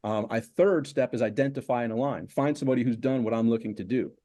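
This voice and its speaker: Mellow-voiced motivational coach man. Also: medium pitch, fast. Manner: motivational, emphatic, lists and repeats. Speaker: guest, success coach. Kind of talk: interview conversation.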